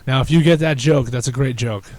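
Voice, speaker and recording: A man hosting a podcast in casual chat, rambling and excitable with frequent restarts. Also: mid-range voice, fairly quick, dry recording, low-quality recording. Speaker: podcast host.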